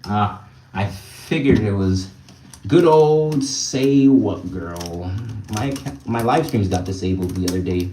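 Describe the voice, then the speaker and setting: A man's voice: medium pitch, mellow, roomy sound, far from the mic, a little hiss or hum. A young man hosting a casual live stream, bantering with his chat, reading their comments aloud and laughing often. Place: indoors at home, small room.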